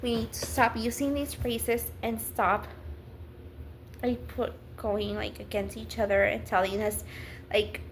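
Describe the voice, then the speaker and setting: Woman teaching the Bible casually: rambling, earnest, slow and a bit high. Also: little pitch movement, slight background noise.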